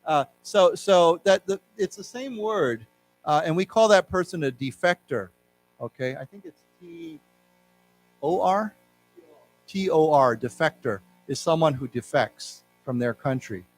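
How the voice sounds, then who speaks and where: A man's voice: a little high, lively intonation, a little slow, gravelly, faint music behind. A man teaching an English class in a library, explaining word meanings and leading learners in repeating words aloud. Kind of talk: live English lesson for learners. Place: library lecture room.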